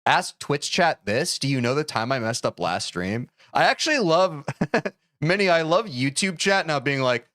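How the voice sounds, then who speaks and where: Animated, jokey male streamer. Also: fairly high pitch, moderate pace, dry recording. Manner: animated, jokey and self-deprecating, reacting to chat. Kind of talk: casual live-stream chat.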